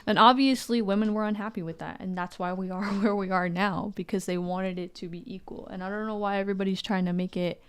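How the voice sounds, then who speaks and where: Smooth-voiced, candid woman podcast guest. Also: mid-range voice, fairly even intonation, fast, hardly any pauses. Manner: candid, opinionated, laughs often. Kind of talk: casual podcast interview.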